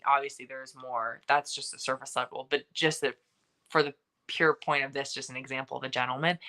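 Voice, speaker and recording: Here a young woman is a talkative, energetic podcast guest in casual conversation, peppering her speech with fillers and side remarks. Her pitch is extremely low.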